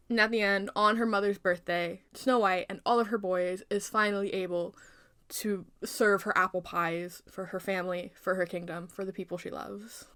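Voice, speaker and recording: A woman video creator talks through her own version of a fairy tale. She is chatty and animated, breaking off for playful asides, and her voice sits at a middle pitch. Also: smooth. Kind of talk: casual storytelling commentary.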